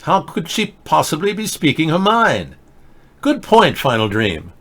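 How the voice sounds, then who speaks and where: A man's voice: on the high side, wildly swooping pitch, measured pace, fairly bright tone. A man hosting a casual live political video chat, reading viewer comments and tweets aloud with a sarcastic, rambling manner. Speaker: livestream political show host.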